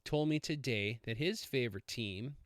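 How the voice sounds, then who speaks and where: A man's voice: mid-range voice, moderate pace, no room sound, clean studio sound. A man hosting a casual solo podcast, rambling with many fillers and self-corrections. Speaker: podcast host.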